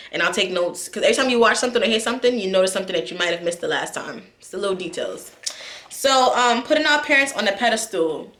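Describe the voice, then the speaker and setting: Chatty New woman vlogger, bright tone, roomy echo; candid, talks straight to viewers. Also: medium pitch. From New York. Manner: chatty, candid, lots of fillers, addresses viewers directly. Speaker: YouTube vlogger. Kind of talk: casual chat to camera. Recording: echoey room.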